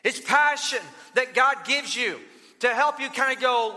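A man's voice: very high voice, measured pace, pushed and bright. A middle-aged male pastor giving a conversational sermon with stories and joking asides. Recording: long reverb of a large hall.

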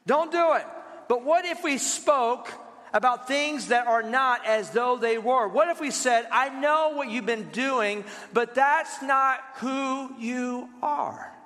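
A man preaching a sermon as pastor, telling lively stories and calling on the congregation to read along. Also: very high-pitched. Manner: lively storytelling with asides to the congregation. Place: church. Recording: reverberant church hall.

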